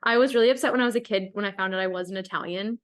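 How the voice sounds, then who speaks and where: A woman's voice: medium pitch, very fast. Chatty young American woman podcaster. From United States. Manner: rambling, filler-heavy, laughs easily. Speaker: podcast host. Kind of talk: casual chat.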